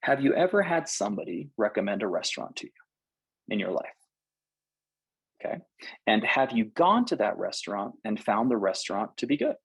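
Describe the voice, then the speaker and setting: A man giving a webinar talk on culture at work, lively and animated, acting out quoted reactions now and then. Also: fairly low pitch, normal speed, creaky, pauses often, husky, no echo, poor audio. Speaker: cultural intelligence speaker.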